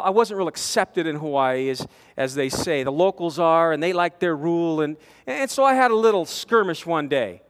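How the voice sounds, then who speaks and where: A man preaching a storytelling sermon, animated, with stammering restarts, swinging from loud to hushed. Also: high voice, smooth. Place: large conference hall. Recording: long reverb of a conference hall.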